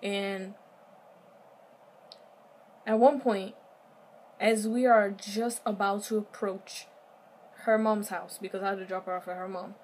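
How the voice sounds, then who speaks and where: Young woman, casual storytime vlogger, lively and chatty, talks right to camera, faint hiss on the track. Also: mid-range voice, a little slow, pauses often. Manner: animated, chatty, addresses viewers directly.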